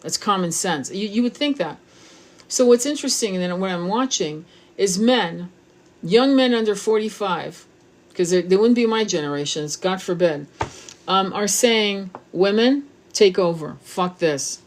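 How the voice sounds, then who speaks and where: A woman's voice: medium pitch, animated, normal speed. A middle-aged woman giving a spiritual tarot reading, talking bluntly and passionately and swearing freely. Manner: blunt, profane, impassioned. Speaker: tarot reader.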